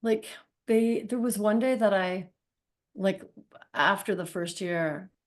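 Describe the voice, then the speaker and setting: A woman's voice: medium pitch, slow pace. A woman in her thirties, a podcast guest, telling a story in a chatty, rambling way with many likes and ums. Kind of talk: casual storytelling.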